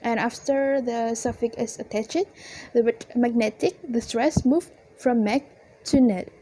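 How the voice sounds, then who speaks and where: A woman's voice: a little high, measured pace, mellow, slightly rough, low-quality recording. A young woman student explaining a lesson, a little hesitant with fillers and restarts. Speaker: student presenter. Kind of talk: reading class presentation.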